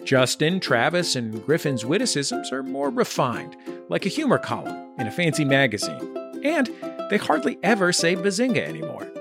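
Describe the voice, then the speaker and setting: A man reading a comic podcast promo in a mock-grand, deadpan way. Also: a little high, normal speed, gravelly. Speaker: podcast network founder. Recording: music under the voice.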